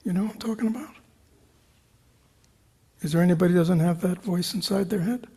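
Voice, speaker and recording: A man's voice: high voice, brisk. A man teaching meditation to a retreat group, questioning his listeners and often dropping to a whisper. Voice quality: gravelly, husky. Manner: questioning, engaging the audience with repeated "right?" and "you know"; drops into soft whispers at times. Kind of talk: dharma talk to a retreat group. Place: meditation hall with a live group.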